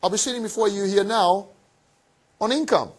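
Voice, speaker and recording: A man giving a motivational finance seminar to a live audience in a room, energetic and cheeky, firing off rhetorical questions. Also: high voice, normal speed. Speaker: seminar presenter.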